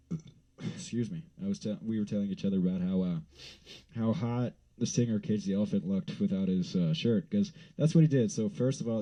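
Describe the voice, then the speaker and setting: A man from Wyoming telling a rambling, profane story in a casual vlog, swinging into loud exasperated rants. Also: on the low side, lo-fi sound.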